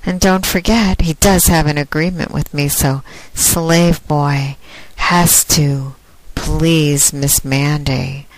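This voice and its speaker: Female podcast host, casual monologue, lowish pitch, unhurried and drawn out. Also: steady tone, no room sound, rough recording.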